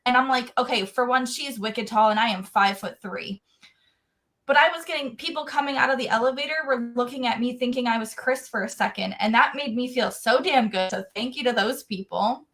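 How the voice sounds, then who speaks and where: Candid, excitable woman podcast host. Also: fairly high pitch, a little fast. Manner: candid, excitable, swears casually. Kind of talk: casual chat.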